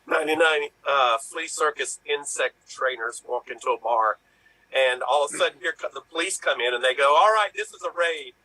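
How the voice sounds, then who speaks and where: Bright-voiced man telling pun jokes. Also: medium pitch, rough recording. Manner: quick joke setups with quoted lines. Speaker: improv player. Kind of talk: improv pun game.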